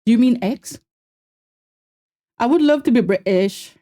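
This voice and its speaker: Mellow-voiced young woman streamer, chatty. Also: high voice. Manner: chatty, self-mocking, quick exclamations. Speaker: streamer reacting to a video. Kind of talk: casual live-stream chat.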